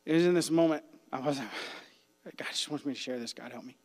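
A man preaching a youth sermon as a pastor, impassioned, swinging between hushed whispers and loud cries. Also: medium pitch, brisk. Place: church sanctuary. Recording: long hall reverb.

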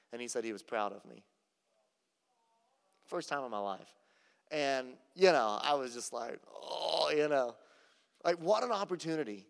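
A man's voice: mid-range voice, clear, resonant tone, big-room sound. A man preaching a sermon in a conversational, storytelling way, with many casual fillers. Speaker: pastor.

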